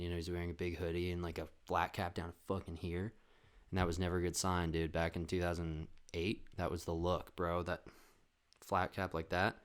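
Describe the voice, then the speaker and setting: A man in his twenties from Canada, with a fairly low voice, spins a comic story for his podcast. He talks casually and swears a lot. He leaps into high, loud voices whenever he acts out the other people. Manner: animated, swearing, acts out voices with big pitch jumps. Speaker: podcast host. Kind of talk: comedic storytelling.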